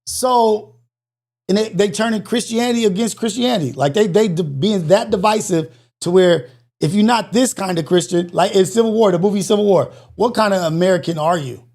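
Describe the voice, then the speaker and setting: A man's voice: sits high, normal speed, a little mellow. A man hosting a live call-in show, ranting in a blunt, incredulous way and swearing freely.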